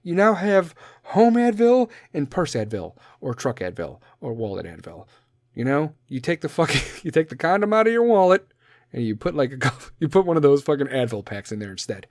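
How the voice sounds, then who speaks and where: A man in his thirties hosting a podcast, rambling through a profane comedic monologue, laughing at his own jokes and swinging between loud outbursts and low mutters. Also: very animated, brisk, no room sound, clean studio sound. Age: 30s. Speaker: podcast host.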